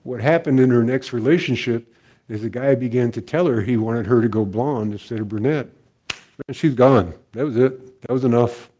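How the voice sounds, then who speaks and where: An older man giving a sermon as a story, folksy and gentle, repeating his key lines. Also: medium pitch, normal speed. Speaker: guest speaker and minister.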